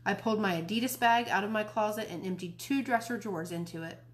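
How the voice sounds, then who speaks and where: A woman's voice: mid-range voice, fast talker. A woman from a library reading a children's novel aloud in a friendly, informal way. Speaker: library storytime reader.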